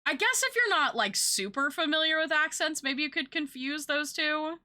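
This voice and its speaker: A woman's voice: high voice, lively intonation, normal speed, sharp tone. A young woman streamer chatting casually with her viewers, rambling and filling her talk with "like" and "uh". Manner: chatty, rambling, filler-heavy.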